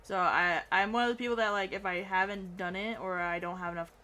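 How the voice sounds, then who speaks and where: A woman's voice: mid-range voice, steady tone, a little fast, pushed and bright, smooth, faint music behind. A young adult woman streaming, chatting casually while she draws, trailing off as she works.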